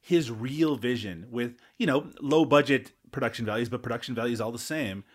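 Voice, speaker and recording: A man's voice: mid-range voice, brisk. A man co-hosting and editing a film podcast who speaks in a blunt, joking manner. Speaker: podcast co-host and editor. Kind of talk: casual film discussion.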